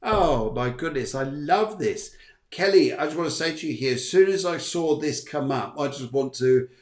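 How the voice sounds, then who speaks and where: A man's voice: on the high side, expressive, normal speed, reverberant. A man hosting a live psychic reading show, chatty, upbeat and encouraging. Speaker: psychic medium host.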